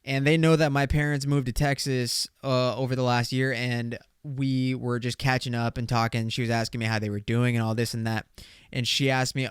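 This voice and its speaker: Young man, podcast host, slangy and joking, smooth clear voice, dry close sound. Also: mid-range voice, little pitch movement, moderate pace, no echo. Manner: loose, slangy, swearing and joking. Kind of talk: casual solo podcast monologue.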